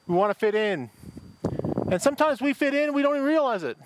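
A man's voice: very high-pitched, very animated, fast talker, noisy background. A middle-aged man from Michigan, preaching a sermon as pastor in a conversational, anecdotal way, often restarting his sentences.

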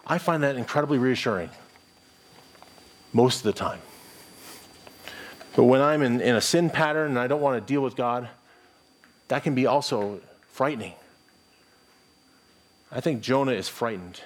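A man's voice: medium pitch, moderate pace, long pauses. Earnest middle-aged man preaching a sermon. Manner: earnest, conversational preaching with frequent restarts. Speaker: pastor.

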